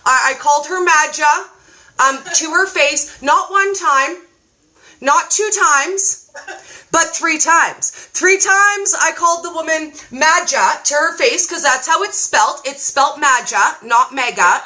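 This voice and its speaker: A woman with a high, bright voice telling stories with excitable, animated energy. She speaks as a guest in a relaxed, chatty conversation. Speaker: guest cookbook reviewer and keto creator. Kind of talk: casual chat.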